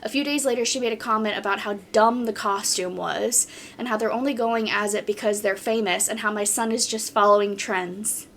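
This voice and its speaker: A woman's voice: medium pitch, fairly even intonation, a little fast, a bit bright, a little hiss or hum. A woman hosting a podcast in casual chat, reading posts aloud and reacting bluntly.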